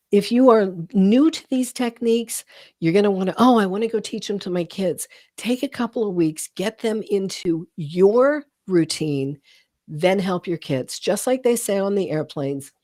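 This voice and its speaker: A woman's voice: fairly low pitch, a little mellow, no room sound, studio quality. A woman guest author speaking earnestly in an interview, getting emotional at times. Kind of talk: interview conversation.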